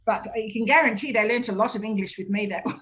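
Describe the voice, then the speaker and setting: A woman's voice: on the high side, quick pace, slight background noise. Chatty Australian woman radio host. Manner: chatty anecdotal storyteller, lively and frank. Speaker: radio talk show host. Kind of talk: casual radio interview.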